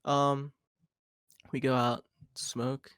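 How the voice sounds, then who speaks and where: A man's voice: medium pitch, little pitch movement, drawn-out words, a bit bright, smooth, no room sound, studio quality. A young man hosting a podcast, telling a long story in a rambling, laid-back way with plenty of "like" and swearing. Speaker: podcast host. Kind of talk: casual storytelling chat.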